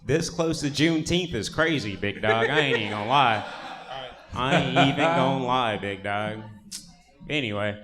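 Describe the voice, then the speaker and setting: A man from Baton Rouge doing a stand-up set in a relaxed, slangy storytelling manner. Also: mid-range voice, normal speed. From Baton Rouge, Louisiana. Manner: laid-back slangy storytelling. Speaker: stand-up comedian.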